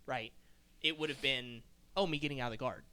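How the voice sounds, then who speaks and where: Bright-voiced man chatting casually. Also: medium pitch, brisk, clean tone. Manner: rambling, full of restarts and "like, right?". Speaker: podcast co-host. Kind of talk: casual chat.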